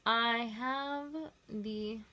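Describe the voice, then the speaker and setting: A woman's voice: fairly high pitch, fairly even intonation, sharp tone. A young woman vlogger chatting casually and rambling through a story while doing her makeup. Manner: rambling, filler-heavy, quick asides.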